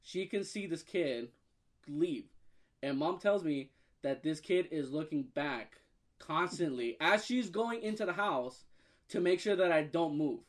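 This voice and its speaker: Animated young man telling a story. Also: on the high side, measured pace. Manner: animated storytelling, acts out voices, swears. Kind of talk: casual chat.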